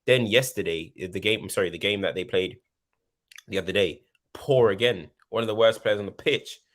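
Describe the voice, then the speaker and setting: Deep-voiced man in laid-back football chat. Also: normal speed, a bit bright. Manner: laid-back slang, emphatic, hedging with asides. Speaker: football pundit co-host.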